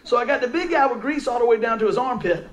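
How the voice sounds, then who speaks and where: A man preaching a sermon, telling a story in a folksy, animated way with frequent asides to his listeners. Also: very high voice, quick pace, highs cut off.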